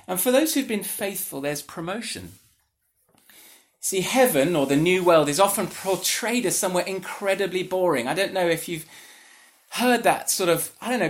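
A preacher giving an earnest, conversational sermon that is full of questions put to the listeners. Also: mid-range voice. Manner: earnest, conversational, asks the audience rhetorical questions.

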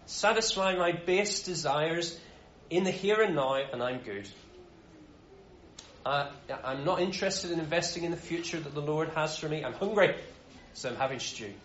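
A man's voice: on the high side, normal speed, a bit bright, slight background noise, lightly acted. A man voicing a hungry, careless young man who talks bluntly in casual slang. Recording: roomy, dull sound.

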